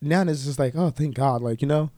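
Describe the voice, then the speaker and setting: A man in casual chat, telling a story in a profane, animated way, full of "like" and quoted dialogue. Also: fairly high pitch, fairly quick, dry recording, studio quality. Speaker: guest telling his coming-out story.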